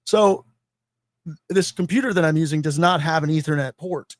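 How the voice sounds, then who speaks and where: A man's voice: on the high side, normal speed, no echo. A man hosting a casual podcast chat, laughing often, rambling and swearing freely. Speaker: podcast host.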